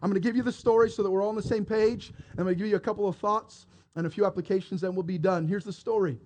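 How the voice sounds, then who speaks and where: Pastor guy giving a sermon, high voice, acts out the story, lots of stumbles and restarts. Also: very fast. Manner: animated storytelling, acting out characters, repeated restarts.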